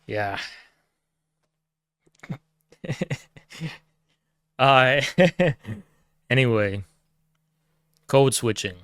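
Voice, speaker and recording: A man's voice: animated, very slow, pauses often, fairly bright tone, clean tone, no echo, clean studio sound. A man ranting casually and sarcastically, profane and mocking. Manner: sarcastic, mocking, slips into high put-on voices. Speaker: political streamer.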